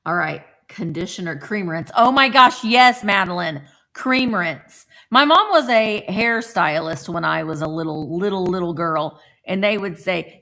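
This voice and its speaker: A woman's voice: lowish voice, lively intonation, a little slow, few pauses, pushed and bright. A woman hosting a live vintage sale, chatting casually with playful, rambling asides. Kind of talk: casual live-stream selling chat.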